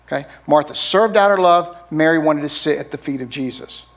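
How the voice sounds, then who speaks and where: A middle-aged pastor preaches a sermon in a brisk, slightly high voice. His manner is conversational, and he keeps checking in with the audience by asking "right?"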